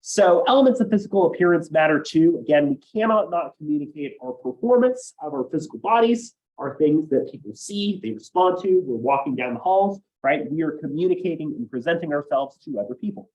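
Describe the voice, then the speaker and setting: A man's voice: a little high, lively intonation, brisk, few pauses, a little mellow, muffled recording. A man teaching a college class, explaining ideas step by step and often checking in with "right?". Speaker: college instructor. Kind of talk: classroom lecture.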